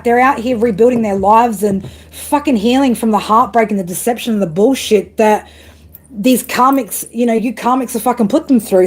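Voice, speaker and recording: A woman's voice: fairly high pitch, darkish tone, slightly rough. A woman doing a live-stream tarot reading, ranting bluntly with heavy swearing and chatting to viewers. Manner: blunt, heavily profane ranting. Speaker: tarot reader.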